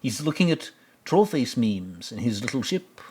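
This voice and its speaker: A man's voice: medium pitch, big pitch swings, normal speed, noisy background. A man hosting a casual film commentary, rambling and stammering with joking asides. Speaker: host.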